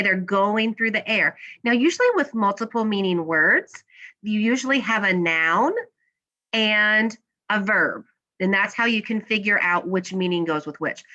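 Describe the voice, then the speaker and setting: A woman teacher walks her class through a slideshow lesson. She asks questions and then patiently answers them herself, in a bright, ringing voice. The recording sounds slightly muffled and dull. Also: mid-range voice.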